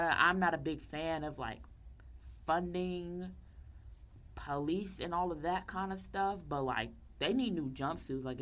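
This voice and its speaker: A young woman casually telling a personal story, animated and acting out the people she quotes. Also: low-pitched. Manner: animated, acts out quoted voices.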